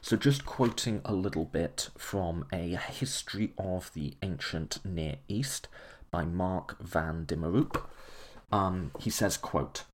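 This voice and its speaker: A man's voice: low-pitched, takes it slowly. A man presenting history in a casual, chatty lecture style, enthusiastic and full of fillers and self-corrections.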